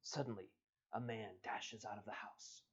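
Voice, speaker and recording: A man hosting a live stream, reading an adventure book aloud at an unhurried pace and stopping for casual asides. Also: on the low side, steady tone, a bit bright, husky. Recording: dull lo-fi stream audio.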